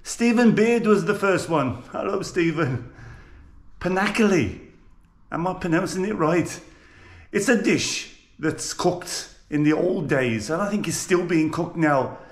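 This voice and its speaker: A man with a Birmingham accent talks his viewers through a home-cooked dish in a loose, joking, rambling way. His voice sits a little high. The GoPro recording carries a clear echo from the kitchen around him. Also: animated, measured pace. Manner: chatty, jokey, rambling. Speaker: cooking vlogger. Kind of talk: casual cooking vlog. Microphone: GoPro camera. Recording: echoey room.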